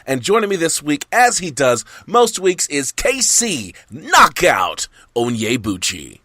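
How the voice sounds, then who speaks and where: Easygoing podcast host with faded Texan accent. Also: male voice, a little high, wildly swooping pitch, takes it slowly, bright, forceful tone, dry recording, studio quality. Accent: Texan, mostly faded. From Southeast Texas. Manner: restarts often, easygoing banter. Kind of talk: casual podcast chat.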